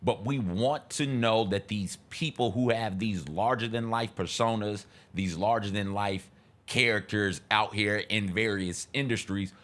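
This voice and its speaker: A man co-hosting a talk show, speaking thoughtfully and measured in casual chat. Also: fairly low pitch, fairly bright tone. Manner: thoughtful, measured, repeats words. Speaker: co-host.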